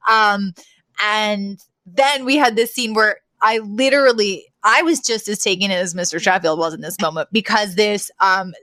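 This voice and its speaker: A woman's voice: medium pitch, moderate pace, no room sound. Chatty woman podcast co-host, dry sound. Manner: animated retelling, acts out quoted lines. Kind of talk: casual episode recap chat.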